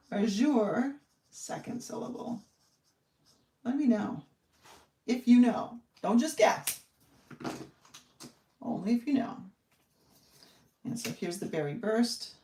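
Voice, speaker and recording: A woman's voice: fairly high pitch, wildly swooping pitch, slow, long pauses, mellow, far from the mic. A woman hosting a live card-making demonstration, chatting in a friendly, rambling way and thinking aloud as she works. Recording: echoey room, voice set back from the mic.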